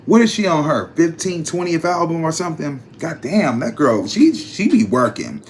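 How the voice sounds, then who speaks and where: A man hosting a casual gossip vlog, chatty and slangy, talking straight to his viewers with animated jumps in pitch. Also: moderate pace, slight background noise. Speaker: psychic channel host.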